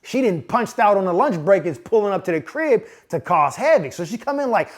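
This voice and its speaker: A man in his forties from Pittsburgh spins a comedic personal tale in loose street slang, his fairly high voice leaping all over the place. He talks straight to the listener with constant asides and acts out the people in his story. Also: expressive, fairly quick, hardly any pauses. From Pittsburgh, USA. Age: 40s. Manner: frequent asides of "you know what I'm saying". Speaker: podcast host.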